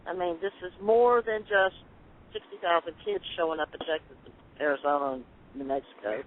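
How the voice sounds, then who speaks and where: Emphatic woman radio co-host, lively pitch. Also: brisk, a little hiss or hum. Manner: emphatic, repetitive phrasing. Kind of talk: talk radio commentary. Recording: tinny phone-like audio.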